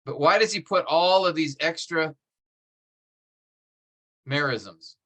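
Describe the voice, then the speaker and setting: A man's voice: fairly high pitch, slow, a bit bright. A man teaching a seminary class over a video call, explaining step by step and checking in with "right?". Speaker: seminary instructor.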